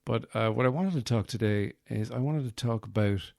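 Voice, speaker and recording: A man's voice: mid-range voice, normal speed, gravelly, darkish tone, no echo. A man hosting a podcast in a rambling comic monologue, meandering and self-mocking, with many fillers, on a close mic. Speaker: podcast host.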